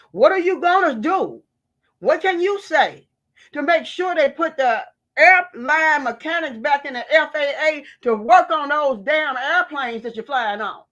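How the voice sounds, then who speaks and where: A woman from the United States delivers a fiery, preachy political rant with heavy emphasis. Her voice is high. The recording sounds slightly dull and lo-fi. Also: fairly bright tone. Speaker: vlogger.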